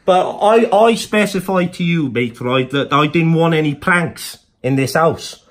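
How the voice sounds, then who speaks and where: A man's voice: a little high, unhurried, lightly acted. Flustered middle-aged Welsh landlord faked by a man, Cardiff accent, repeats himself, keeps saying mate. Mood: stressed. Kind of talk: prank phone call.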